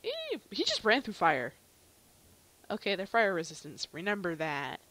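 A woman giving casual gameplay commentary, chatty and self-mocking, quick to exclaim. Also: mid-range voice, huge pitch swings, fairly bright tone. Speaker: let's play gamer.

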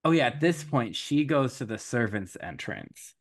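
A man co-hosting a casual podcast chat, recapping a plot in an animated way and laughing often. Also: mid-range voice, moderate pace, dry recording, clean studio sound. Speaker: podcast co-host. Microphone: podcast microphone.

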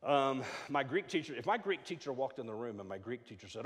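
A middle-aged man preaching a sermon in a church, joking and stammering through quick restarts. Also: mid-range voice, a little hiss or hum. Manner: animated, jokey preaching with frequent stammered restarts. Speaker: pastor. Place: church sanctuary. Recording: long hall reverb.

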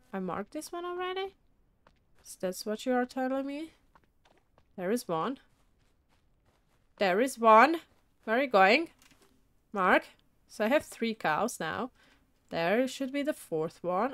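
Slow-talking, bright-voiced woman gamer. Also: on the high side, no room sound. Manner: excitable, talks to herself, mild mock swearing. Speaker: gaming video creator. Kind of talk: casual let's-play commentary.

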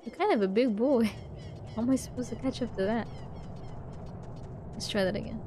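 A woman's voice: fairly high pitch, animated, moderate pace, background noise. A woman casually commenting on her own gameplay, chatting back at the characters on screen. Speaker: let's play host.

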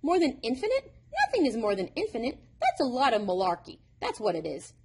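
A woman's voice: wildly swooping pitch, a little fast, a little mellow, husky, exaggerated voice. A woman voicing an exasperated young boy who hates math, with a whiny, protesting manner, in a storybook reading. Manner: whiny, protesting, rising pitch.

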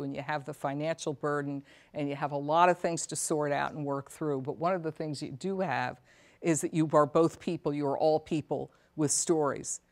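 Middle-aged woman, low voice, earnest and reflective therapist addressing caregivers, checks in with the audience. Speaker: psychotherapist and elder care coach. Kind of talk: talk to a caregivers' support audience.

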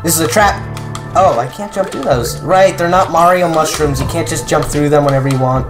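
A man doing casual gameplay commentary, rambling with self-mocking asides and sudden shouted outbursts. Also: on the high side, normal speed. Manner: excitable, jumps from mutters to shouted outbursts. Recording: game music playing underneath. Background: game music.

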